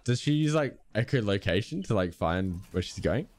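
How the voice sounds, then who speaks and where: A man's voice: lowish voice, lively intonation, normal speed, darkish tone, dry recording. A man chatting casually with strangers while gaming, laid-back and teasing. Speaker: gaming streamer and beatboxer.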